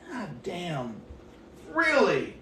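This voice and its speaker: A man's voice: high-pitched, pushed and bright. A man livestreaming a casual, profane rant, agitated and talking straight to his chat. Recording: echoey room with faint noise.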